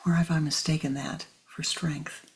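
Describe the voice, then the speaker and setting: A spiritual teacher giving a meditative teaching. The teacher speaks slowly and deliberately, repeats phrases for emphasis and often sinks into a breathy near-whisper. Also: mid-range voice, little pitch movement, a little hiss or hum. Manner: addresses listeners tenderly as "my beloved".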